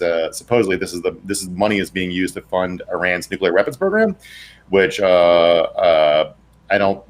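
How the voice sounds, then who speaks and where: A man co-hosting a casual political comedy chat, rambling with laughs and profane asides. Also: lowish voice. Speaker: co-host.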